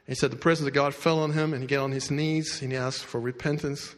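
A man preaching and retelling a story to his congregation, his voice sitting at an everyday middle pitch. He jumps from loud, lifted bursts down to low, hushed asides. The sound rings out with the long reverb of a big hall. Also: quick pace. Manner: animated storyteller, swings between loud bursts and quiet asides. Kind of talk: sermon storytelling.

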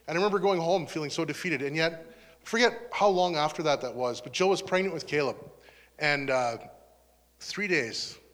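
A man's voice: fairly high pitch, fairly bright tone. A man preaching in an earnest, conversational way, sharing a personal testimony as a pastor. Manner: earnest, conversational, turns emotional. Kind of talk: testimony sermon. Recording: long hall reverb.

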